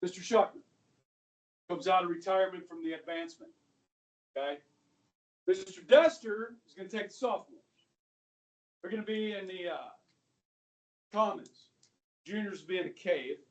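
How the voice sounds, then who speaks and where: A male high school history teacher giving an animated classroom lecture, talking straight to his students and dropping to a whisper for asides. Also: normal speed, long pauses. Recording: voice from a distance across a classroom.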